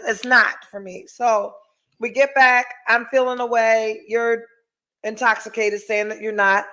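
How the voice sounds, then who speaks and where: A woman's voice: fairly high pitch, fairly bright tone. A middle-aged woman hosting a podcast, telling a story in casual chat and reading viewer comments, blunt and profane. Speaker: podcast host.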